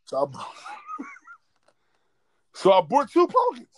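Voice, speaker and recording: A man telling a funny story from his school days in a loose, animated way, repeating himself and laughing. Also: very high-pitched, takes it slowly, a little hiss or hum. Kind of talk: casual storytelling.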